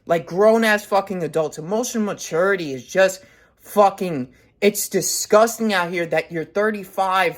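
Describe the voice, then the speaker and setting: A man's voice: sits high, fairly bright tone. A man in his twenties giving a blunt, profanity-heavy motivational rant as a vlogger. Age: 20s. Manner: blunt, heavy swearing, intense.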